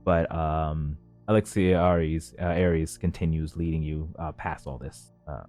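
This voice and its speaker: A man's voice: extremely low pitch, steady tone, measured pace, a little mellow, soft background music. A man narrating as game master in a tabletop game, describing scenes with many fillers.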